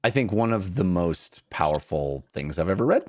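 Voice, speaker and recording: A man's voice: sits low, normal speed. A man hosting a book podcast, talking casually and playfully acting out scenes from the novel. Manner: animated, acts out characters in funny voices.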